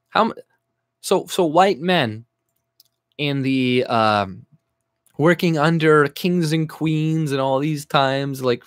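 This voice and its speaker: A man's voice: a little high, dry recording, studio quality. Profane, sarcastic Canadian man ranting. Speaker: YouTuber. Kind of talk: angry reaction rant reading out an article.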